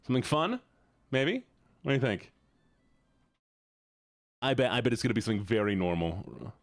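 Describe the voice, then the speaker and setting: A man's voice: lowish voice, fairly quick, no room sound, clean studio sound. A man streaming live, reacting to viewer submissions in casual chat, often sighing, swearing and repeating himself in exasperation.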